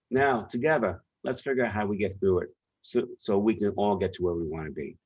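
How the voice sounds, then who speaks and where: A man's voice: on the low side, fairly quick, darkish tone, dry recording. A man with a New York accent, a guest in an interview, telling stories emphatically and directly. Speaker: guest, leadership author and speaker. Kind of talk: conversational interview. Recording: dull lo-fi sound.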